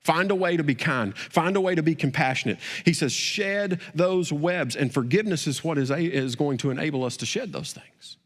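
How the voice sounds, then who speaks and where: A middle-aged man, a pastor, preaching a sermon, stammering on repeated words and rising to emphatic peaks before dropping quiet. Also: expressive, quick pace, few pauses. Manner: repeats words, builds to emphatic peaks then drops low. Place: church sanctuary. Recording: long hall reverb.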